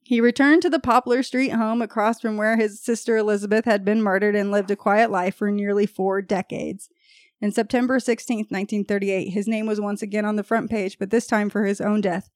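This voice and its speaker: Telling a true-crime tale on her podcast, a woman reads details of an old murder and now and then breaks off to joke and laugh with her co-hosts. She talks a little fast in a medium-pitched, fairly even voice, recorded with studio quality and no echo.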